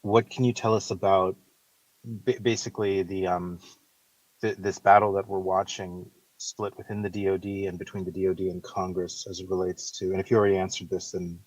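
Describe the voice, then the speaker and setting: A man's voice: low voice, level tone, a little fast, a little mellow, no room sound, recorded from a distance, dull audio. A man in the audience of a live online audio room asking an eager, stumbling question. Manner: eager, stumbling over his words.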